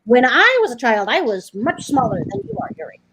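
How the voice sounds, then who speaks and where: A woman's voice: high voice, big pitch swings, a little fast, creaky, background noise. A woman playing a character in a tabletop game, talking in a playful, mock-earnest way. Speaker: player.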